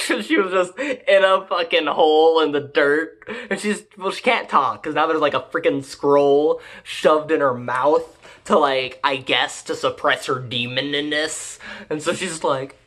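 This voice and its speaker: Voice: mid-range voice, measured pace. Rambling, profane casual anime reviewer. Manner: rambling, profane, filler-heavy, deadpan jokes. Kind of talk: casual episode recap.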